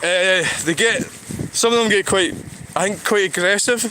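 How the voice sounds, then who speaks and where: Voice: medium pitch, moderate pace, pushed and bright, slight background noise. A speaker with a Scottish accent, rambling and sighing through a walking livestream outdoors beside a road. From Scotland. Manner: rambling, sighing, restarts thoughts. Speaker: vlogger.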